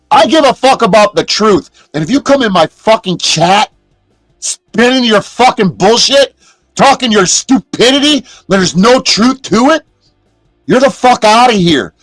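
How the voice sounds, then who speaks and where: A man livestreaming from inside a motorhome, ranting at his chat in a profane, aggressive way and shouting at chatters. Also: high voice, lively intonation, measured pace, no room sound, faint music behind. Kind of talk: angry livestream rant.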